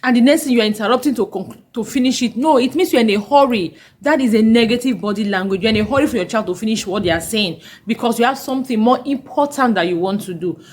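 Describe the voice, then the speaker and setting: A woman's voice: on the high side, low-quality recording. A woman hosting a parenting podcast, giving earnest, emphatic advice and repeating her key points. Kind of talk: instructional talk.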